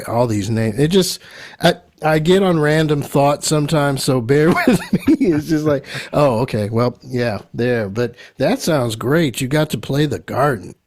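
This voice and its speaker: A man's voice: medium pitch, a little mellow. A man from Los Angeles hosting a podcast, talking in a chatty way full of ums and side remarks. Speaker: podcast host. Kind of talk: casual interview chat.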